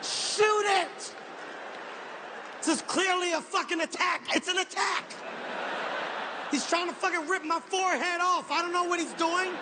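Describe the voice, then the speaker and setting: High-pitched, shouting stand-up comedian. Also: male voice, fairly quick, few pauses, noisy background. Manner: animated, shouting and profane. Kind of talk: stand-up storytelling. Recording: live show with audience ambience.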